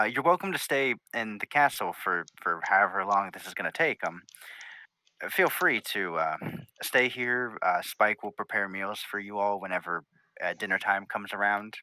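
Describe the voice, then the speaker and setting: A man's voice: on the low side, pushed and bright, dry recording, poor audio. A man voicing a tired, scholarly female pony princess who is flustered and hesitant, full of ums.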